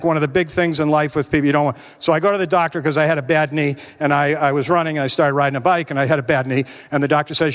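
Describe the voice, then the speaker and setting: Middle-aged male comedian with a high voice, ranting sarcastically on stage. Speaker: stand-up comedian. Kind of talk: stand-up comedy.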